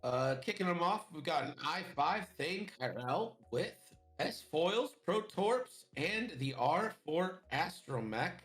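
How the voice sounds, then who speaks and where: A man co-commentating a game stream, reading off list details in a steady rundown. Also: fairly high pitch, slow, few pauses, echoey room, soft background music.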